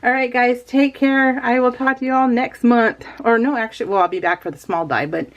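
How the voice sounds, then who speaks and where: A woman's voice: on the high side, fairly even intonation, brisk, dull audio. A woman vlogger chatting casually and laughing at herself as she unboxes a craft kit. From California. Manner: chatty, giggly, talks to herself.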